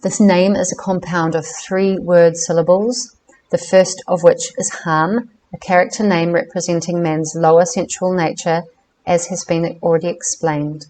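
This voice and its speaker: A woman with a somewhat low voice reads a book aloud. She keeps a careful, measured pace and stops to fix herself on difficult words. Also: fairly even intonation, darkish tone, a little hiss or hum, low-quality recording. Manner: careful, measured reading with self-corrections on names. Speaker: reader of a book.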